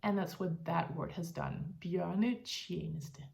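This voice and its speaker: A woman's voice: on the low side, slow, creaky, a little mellow. A woman with a Danish accent, a native Danish speaker, giving an online language lesson in an explanatory, friendly way with frequent laughs.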